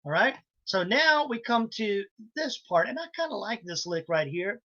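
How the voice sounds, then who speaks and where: A man's voice: high-pitched, sing-song, moderate pace, dull audio, music in the background. A man teaching harmonica in a live online lesson, explaining licks step by step in a casual way and counting in the band. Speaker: harmonica instructor. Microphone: video call.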